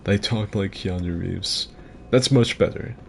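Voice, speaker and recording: A man's voice: sits low, a little slow, vocal fry, a little hiss or hum. A man rambling casually as he comments on his own gameplay, with loose filler-heavy talk and swearing. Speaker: gaming streamer.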